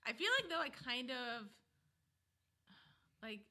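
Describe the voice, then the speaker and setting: A woman's voice: a little high, sharp tone. A young woman co-hosting a casual reaction livestream, rambling with lots of fillers. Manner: rambling, many "like" fillers, quick. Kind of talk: casual chat.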